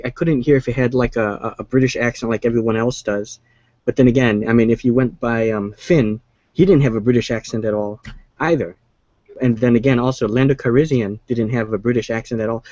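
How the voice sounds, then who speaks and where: A man's voice: mid-range voice, darkish tone, dry recording, muffled recording. A man co-hosting a casual movie chat, rambling and hesitant, often restarting his sentences. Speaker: co-host.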